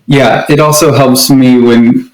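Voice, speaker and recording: A man's voice: medium pitch, fairly even intonation, slow pace. A man co-hosting a casual conversation, explaining at length with frequent restarts. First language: English. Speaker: co-host. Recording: echoey room.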